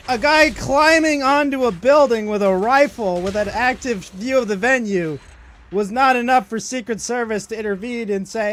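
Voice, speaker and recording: A man's voice: high-pitched, moderate pace, a bit bright. A male streamer ranting casually on a live stream, cursing a lot and sounding exasperated and sarcastic.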